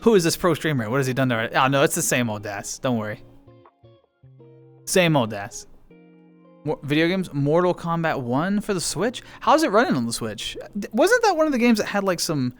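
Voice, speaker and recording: A man's voice: on the high side, sing-song, fast talker, hardly any pauses, soft background music. A man, casually chatting with viewers on a live stream, reading chat aloud and laughing often.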